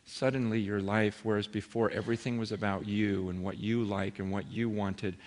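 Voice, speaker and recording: A man giving a sermon, telling stories in an animated way, acting out quoted voices, with many fillers and restarts, heard in a large hall. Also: fairly low pitch, normal speed. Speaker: pastor. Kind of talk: sermon with storytelling. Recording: hall with long reverb.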